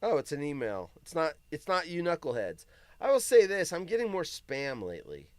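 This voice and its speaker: A man's voice: fairly high pitch, sing-song, moderate pace, no echo. A man hosting a live show, chatting casually and reading odd news stories aloud with crude, rambling asides.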